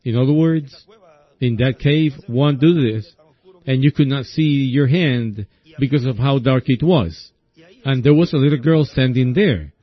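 A man preaching a sermon in a slow, folksy storytelling way, often asking his listeners "see?". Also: mid-range voice, no echo. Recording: dull lo-fi recording.

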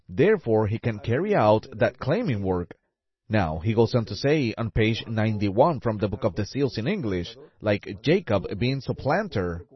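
A man preaching a sermon, fervent and exclamatory, narrating a scripture story while describing drawings on a board. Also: medium pitch. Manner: fervent, rising exclamations, drawn-out emphasis. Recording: dull lo-fi recording.

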